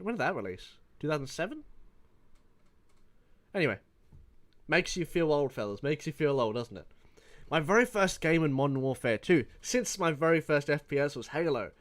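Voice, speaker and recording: A man of about twenty with an Australian accent, telling a rambling, profane gaming story in a casual vlog. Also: a little high. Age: around 20. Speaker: gaming YouTuber.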